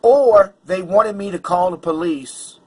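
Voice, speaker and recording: A man's voice: sits high, a little slow, dark tone, husky, poor audio. A man vlogger telling a personal story in an agitated, emphatic way, stumbling over restarts. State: angry and worked up.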